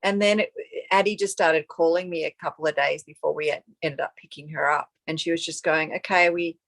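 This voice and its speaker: A woman's voice: low voice, fairly even intonation, brisk, fairly bright tone, no echo. A woman co-hosting a podcast, speaking in a thoughtful, searching way. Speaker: podcast co-host. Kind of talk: casual reflective chat.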